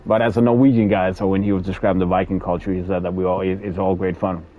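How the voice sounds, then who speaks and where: This streamer from Denmark has a deep voice, a flat delivery, and a fast way of talking, repeating words in his Danish accent as he chats casually over a game. The sound is phone-quality with slight background noise.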